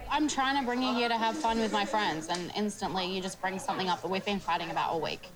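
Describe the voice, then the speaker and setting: A woman's voice: medium pitch, fast talker, over a noisy crowd, poor audio. A woman on a reality show, arguing in an exasperated way. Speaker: reality show cast member. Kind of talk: reality TV argument. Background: loud music.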